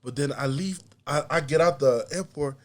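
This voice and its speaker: Animated man telling a travel story. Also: a little high, moderate pace. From United States. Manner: animated, acts out other people's lines, laughs often. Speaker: podcast guest, artist and comedian. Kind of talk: casual storytelling.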